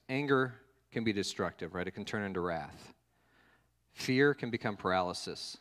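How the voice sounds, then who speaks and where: A male pastor giving a relaxed, conversational sermon with jokes and restarts. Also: fairly low pitch, big-room sound. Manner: casual, joking, fond of fillers and restarts.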